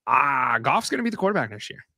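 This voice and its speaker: Animated bright-voiced man talking sports. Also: mid-range voice, fast talker, dry recording. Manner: animated, swears, laughs at own slips. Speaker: podcast co-host. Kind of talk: casual sports chat.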